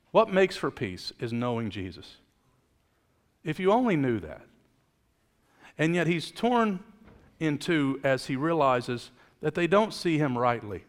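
A man's voice: on the high side, very animated, measured pace, pauses often, long reverb tail. A man preaching a sermon, moving between casual storytelling with jokes and emphatic preaching. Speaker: pastor.

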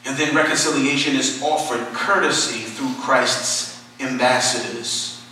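A man preaching a sermon, moving between quiet, low explanation and loud, impassioned exhortation. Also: steady tone, unhurried, slight background noise. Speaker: pastor. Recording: echoey hall, mic at a distance.

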